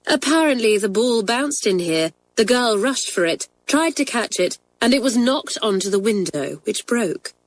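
A woman voicing a kind but firm schoolmistress addressing her class, in a measured teacher's tone in a storybook reading. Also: a little high, expressive, no room sound, pitched above the performer's own voice, low-quality recording. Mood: pleased. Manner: measured, warm-humoured teacher's tone.

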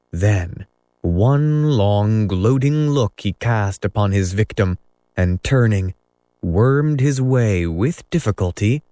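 A man narrating a children's novel in a slow, measured, dramatic reading. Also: on the low side, dark tone, no echo. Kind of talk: storybook reading.

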